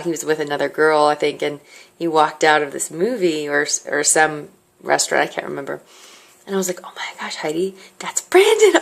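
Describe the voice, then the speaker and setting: Low gravelly-voiced woman telling a story. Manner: chatty, rambling, many fillers and self-asides. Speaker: vlogger. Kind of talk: casual storytelling to camera. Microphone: handheld device held close.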